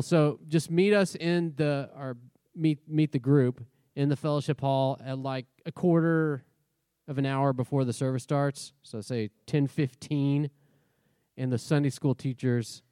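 Man, pastor, sermon, chatty and questioning, smooth resonant voice, dry close sound. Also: on the high side, fairly even intonation, measured pace, mellow, no echo. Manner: conversational, asks the congregation questions.

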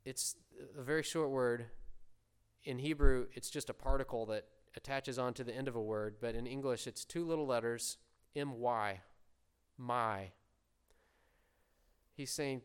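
A man preaching a sermon, earnestly explaining scripture and slowing down to voice prayers with emphasis. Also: medium pitch, smooth. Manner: earnest, slows and swells when voicing prayers.

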